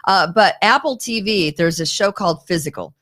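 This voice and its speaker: A woman's voice: fairly low pitch, moderate pace, a bit bright. A woman hosting a daily talk show, chatting casually and laughing often. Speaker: show host. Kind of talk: casual studio chat.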